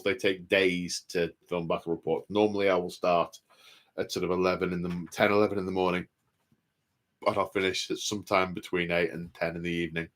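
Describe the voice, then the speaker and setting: A man's voice: low-pitched, a bit bright. A man hosting a casual livestream, chatting in a rambling, hesitant way with many fillers and restarts. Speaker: host.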